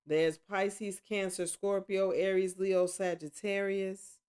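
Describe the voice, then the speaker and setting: A woman giving a casual tarot reading at home, rambling and correcting herself, with excited exclamations. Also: on the low side, a little slow. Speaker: tarot reader.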